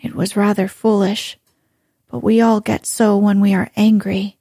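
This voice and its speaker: A woman reading as a kind, gentle old grandmother. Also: fairly high pitch, big pitch swings, no echo, studio quality, heavily acted. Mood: kind, coaxing. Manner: soft, breathy, slow reading.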